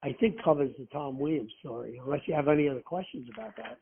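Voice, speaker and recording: Over a tinny phone line, a guest who once worked as a rescue firefighter tells profane anecdotes in casual chat, animatedly acting out the quotes. He talks fast in a fairly high, slightly rough voice with vocal fry.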